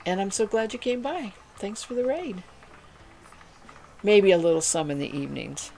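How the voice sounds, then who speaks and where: A woman's voice: medium pitch, lively intonation, moderate pace, gravelly, darkish tone, a little hiss or hum. A woman hosting a spinning livestream, chatting casually and reading viewer messages aloud in a friendly, rambling way. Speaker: livestream host.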